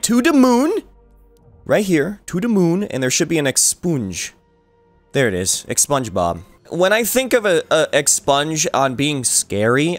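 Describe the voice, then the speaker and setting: An excitable young man narrates his gameplay, his voice rising and falling sharply as he laughs and shouts at the game. He talks slowly, with faint game music underneath. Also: a little high. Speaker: gaming YouTuber. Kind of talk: game commentary.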